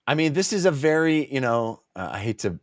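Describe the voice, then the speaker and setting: A man's voice: medium pitch, big pitch swings, no echo. Enthusiastic man with a dry voice. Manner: enthusiastic, halting with fillers. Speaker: podcast co-host. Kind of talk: casual book-club chat.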